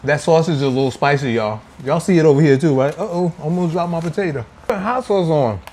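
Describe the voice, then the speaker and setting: A man's voice: on the high side, fast talker, darkish tone. A man hosting a casual food vlog, playful and teasing as he talks to viewers at home. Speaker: food vlogger. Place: indoors at home.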